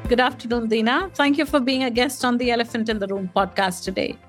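A woman's voice: fairly high pitch, quick pace, over music. A woman hosting a podcast interview, polite and sympathetic toward her guest. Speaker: podcast host. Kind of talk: interview conversation.

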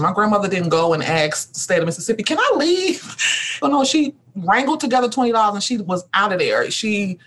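Earnest woman speaking in rhythmic refrains. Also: fairly low pitch. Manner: earnest, repetitive rhythmic phrasing. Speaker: guest, rest activist. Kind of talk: reflective spiritual conversation.

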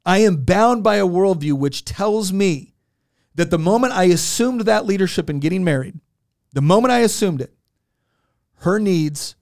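A man's voice: high-pitched, lively intonation, normal speed, a little mellow, dry recording, studio quality. A man in his forties telling a story in casual talk, earnest, often repeating words as he restarts. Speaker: podcast co-host.

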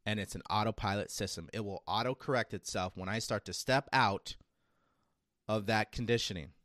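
Hosting a self-improvement show, a man with a fairly low, slightly bright voice gives an emphatic motivational monologue full of rhetorical questions, acting out a nagging inner voice. He speaks at a moderate pace, and the recording is dry and studio-clean.

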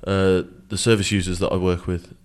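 Deep-voiced earnest man. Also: level tone, brisk. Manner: earnest, reflective, repeats words as he starts sentences. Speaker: guest, security manager. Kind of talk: studio interview. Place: studio.

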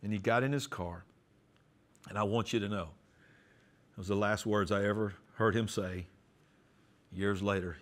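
Pastor guy telling his own story in a sermon, does the voices, gets quiet and soft when praying. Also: fairly low pitch. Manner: storytelling, acts out dialogue, drops soft for prayers. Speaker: pastor and TV host. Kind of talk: personal testimony sermon.

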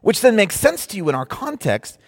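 A man preaching a sermon in an animated, conversational way, sometimes mocking the voices of others. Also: high voice, brisk, vocal fry. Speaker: pastor. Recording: long hall reverb.

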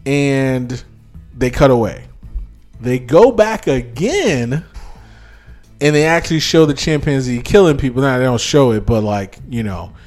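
A man casually chatting about a movie as a podcast co-host, playful and quick to laugh while he retells scenes. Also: medium pitch, expressive, a little mellow, faint music behind. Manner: laughs often, playful storytelling. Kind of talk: casual movie review chat.

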